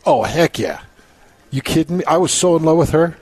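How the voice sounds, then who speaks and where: A man's voice: on the high side, lively intonation, moderate pace, darkish tone, breathy edge, no echo. A man co-hosting a sports radio show, chatting in an enthusiastic, rambling way. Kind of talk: casual sports radio banter.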